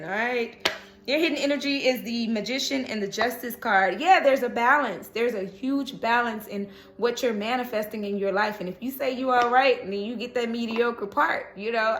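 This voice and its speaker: A woman's voice: fairly high pitch, moderate pace, a bit bright, reverberant. A woman giving a casual, chatty tarot reading, encouraging and laughing often as she talks. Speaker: tarot reader.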